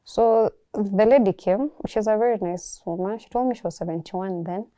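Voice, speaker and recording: A young Kenyan woman calmly telling her personal story, reflective and soft-spoken, often pausing to restart a thought. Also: medium pitch, no echo. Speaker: guest sharing her story. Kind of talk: personal testimony.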